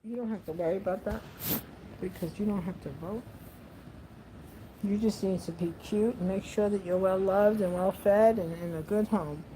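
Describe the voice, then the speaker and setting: A woman's voice: mid-range voice, normal speed, very noisy. Rambling, laughing woman vlogger. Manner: rambling, laughs often, talks to her pet. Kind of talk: casual chat to camera.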